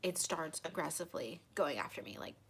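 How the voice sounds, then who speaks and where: A woman hosting a tarot channel, telling viewers a personal story in an animated, dramatic way with lots of fillers. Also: sits low, a little fast, gravelly, husky.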